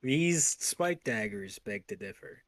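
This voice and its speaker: A man playing a tabletop game in character, calm and measured, with dry humor. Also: on the low side, dry recording. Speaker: player.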